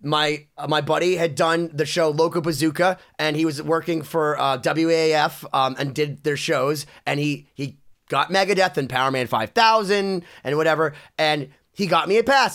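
Animated, bright-voiced man telling a story. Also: fairly high pitch, normal speed. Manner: animated, acts out quotes. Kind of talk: casual anecdote.

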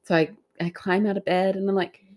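A woman's voice: mid-range voice, flat delivery, fairly quick, a little mellow. A woman co-hosting a podcast, telling a story in casual chat, laughing often and acting out quotes. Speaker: podcast co-host.

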